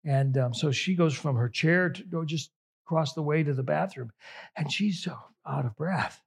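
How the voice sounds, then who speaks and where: A middle-aged pastor delivers a sermon in a slightly raised, husky voice. He speaks slowly and reflectively, pausing often between phrases. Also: fairly high pitch.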